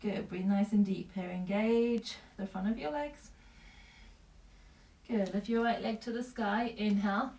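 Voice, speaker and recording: A woman yoga teacher guiding a class with calm, breath-paced cues and short commands, slightly out of breath. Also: medium pitch, measured pace. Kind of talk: guided yoga class instruction. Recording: echoey room, voice from a distance.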